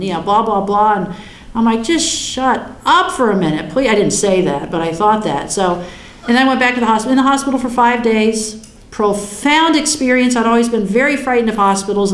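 A woman telling a personal story in a lively, wry way, acting out her own thoughts as she goes. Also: mid-range voice. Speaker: guest recounting a near-death experience. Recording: roomy echo.

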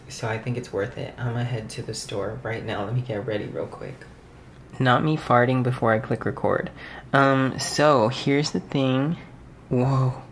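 Roomy camera audio with a touch of hiss or hum captures a young man at home, casually vlogging to his camera. He speaks at medium pitch and rambles, filling gaps with lots of fillers.

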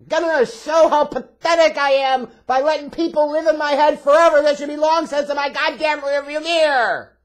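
A smug wrestler bragging about himself, full of insecurity, as a man mocks him. The voice sits very high and sneers at every turn. The delivery comes louder and more pushed than plain talk. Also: fairly even intonation, moderate pace, low-quality recording. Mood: sneering. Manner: mocking, sneering first-person parody.

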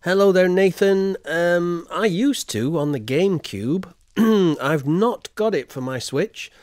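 A man's voice: high-pitched, slow pace, a little mellow, no echo, studio quality. A man, casually chatting with his chat while streaming a game. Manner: chatty, reads and answers chat.

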